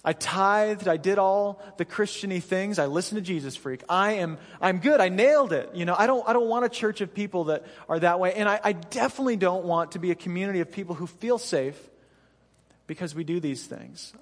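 High-voiced pastor man preaching in a reverberant hall. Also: brisk. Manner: self-deprecating storytelling, animated and laughing. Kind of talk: sermon. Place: church stage.

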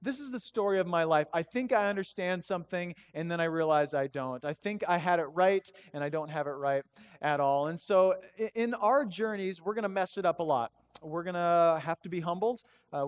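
A man preaching a sermon as pastor in a church, telling stories in an animated, self-deprecating way. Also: a little high. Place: church sanctuary.

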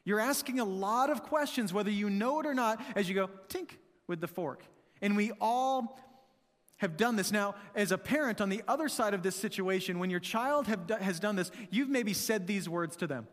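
A man with a high, light voice preaches a sermon in a casual, conversational way, checking in with the congregation through constant rhetorical questions. His voice carries a long reverb, as if picked up in a large church hall. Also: expressive, moderate pace, fairly bright tone. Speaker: pastor.

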